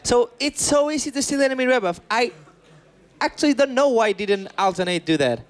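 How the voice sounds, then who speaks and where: Excitable high-voiced male esports analyst. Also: a little fast. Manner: excitable, repeats words, non-native English phrasing. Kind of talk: analyst desk commentary.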